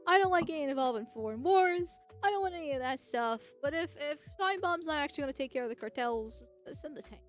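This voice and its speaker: Chatty young woman streamer, higher voice. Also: animated, quick pace, few pauses, soft background music. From United States. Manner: rambling and chatty, many restarts and laughs. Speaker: political streamer. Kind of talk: casual livestream chat.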